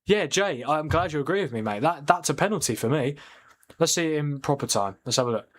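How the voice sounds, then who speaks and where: Fast-talking and fairly high-pitched, this man runs a live football watchalong as a streamer. He chats with viewers, reading and replying to their comments, and reacts excitably to incidents during the match.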